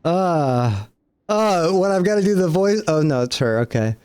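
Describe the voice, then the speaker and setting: A man's voice: fairly high pitch, expressive, measured pace, a little mellow, smooth. Wry middle-aged man streaming a game. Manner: wry, self-mocking asides. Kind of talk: casual let's-play commentary.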